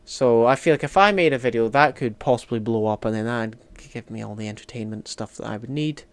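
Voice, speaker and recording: Speaking at a medium pitch and a fairly quick pace, a young man from Scotland streams a strategy game and chats casually. He reads chat aloud and responds with jokes, muttered asides and loud, mock-indignant outbursts.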